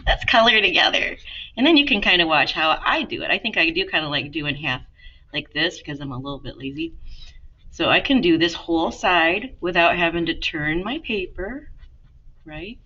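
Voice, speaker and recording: Chatty woman teacher with a lively bright voice. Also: on the low side, normal speed, muffled recording. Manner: chatty, encouraging, talks to students directly. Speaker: art teacher. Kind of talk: casual drawing lesson for kids.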